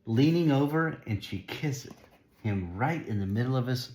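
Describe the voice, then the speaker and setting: A man's voice: mid-range voice, lively intonation, moderate pace, a little mellow. A man reading a picture book aloud to a child, stopping casually to point at the pictures and explain. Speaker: storybook reader.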